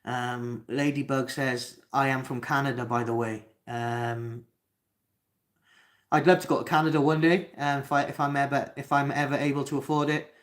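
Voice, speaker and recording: A man's voice: medium pitch, flat delivery, normal speed, a bit bright. A young man with a Cardiff accent, from Wales, hosting a live Q&A and reading out chat comments, talking hesitantly with lots of ums and restarts. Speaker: livestream host.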